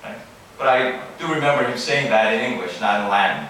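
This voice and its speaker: Guy in his 40s doing a keynote at a banquet, bright voice, big echoey hall, mic kinda far off. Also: on the low side, lively intonation, a little fast, slight background noise. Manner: earnest, advising, with asides and self-corrections. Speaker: keynote speaker. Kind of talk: formal banquet speech. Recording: very echoey hall, distant mic, faint room ambience.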